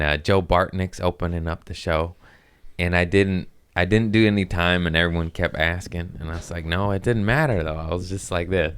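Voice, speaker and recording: A man's voice: low voice, fairly bright tone, clear, resonant tone. A man, a comedian hosting his own podcast, telling a rambling casual story with frequent laughs and asides to his cats.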